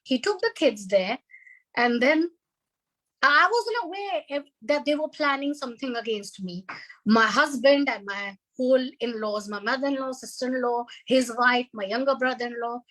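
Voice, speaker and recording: Woman guest, high-pitched, animated and vivid personal storyteller. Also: moderate pace, poor audio. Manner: animated, vivid retelling of arguments. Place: online video call.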